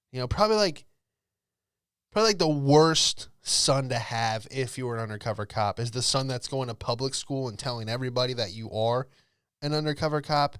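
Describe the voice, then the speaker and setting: A young man hosting a comedy podcast, telling rambling jokey stories and slipping into quick impressions of people. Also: medium pitch, clear, resonant tone, no echo, clean studio sound. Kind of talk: comedic storytelling monologue.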